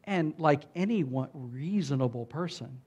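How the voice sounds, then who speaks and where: A man giving a sermon as a pastor. He talks in a loose, conversational way, often saying "like" and "right?", and gets loud and emphatic when he reads scripture aloud. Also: fairly high pitch, lively intonation, a little slow, husky, dull audio. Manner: conversational preaching with frequent "like" and "right?".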